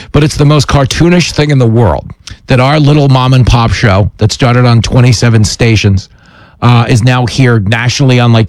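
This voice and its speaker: A man's voice: medium pitch, darkish tone, no room sound. Man, middle-aged, radio talk host, self-mocking banter, dry close sound. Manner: jokey, self-deprecating, quick asides.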